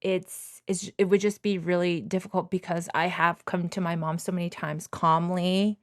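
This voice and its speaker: A young woman co-hosting a podcast in casual chat, animated and acting out quoted lines in a raised voice. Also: fairly low pitch, normal speed, dry recording, studio quality. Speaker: podcast co-host.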